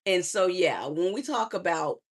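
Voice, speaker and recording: A middle-aged woman, a transformational coach, giving a lively motivational live stream, preaching and calling viewers honey and baby. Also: fairly low pitch, measured pace, breathy edge. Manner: preachy, warm endearments to viewers; chatty, laughs often.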